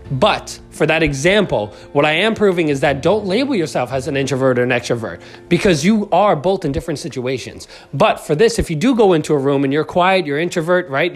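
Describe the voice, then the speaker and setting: Animated male self-help coach. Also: fairly high pitch. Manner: animated, acts out quoted voices, says "right?" often. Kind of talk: motivational self-help talk.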